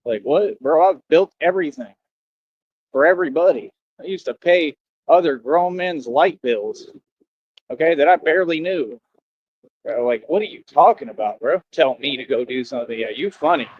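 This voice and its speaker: Streamer, man, boastful scornful rambling rant, slightly high voice, muffled lo-fi audio. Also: animated, normal speed.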